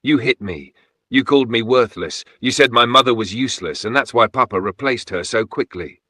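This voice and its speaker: A man's voice: mid-range voice, normal speed, pushed and bright, slightly rough, no room sound, pitched above the performer's own voice. Male reader voicing a young woman, accusing, close dry sound. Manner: accusing, emphatic. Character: young woman, mistreated daughter, finally speaking up.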